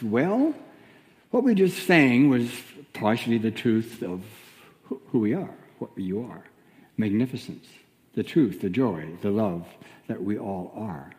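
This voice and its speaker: A man giving a sermon as a minister, teaching in a gentle, reflective way with pauses. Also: fairly low pitch, very animated, big-room sound.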